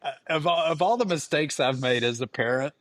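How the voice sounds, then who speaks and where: A man's voice: fairly high pitch, fairly quick, no room sound. A man in his fifties, a podcast co-host, telling a family story in casual chat and acting out the quoted lines. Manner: animated storyteller, acts out quotes.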